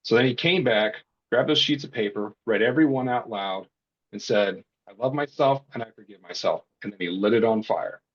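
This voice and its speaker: A man, a burnout coach and podcast guest, telling stories in a casual, animated way and acting out the voices he quotes. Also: fairly low pitch, normal speed, muffled recording. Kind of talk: casual storytelling.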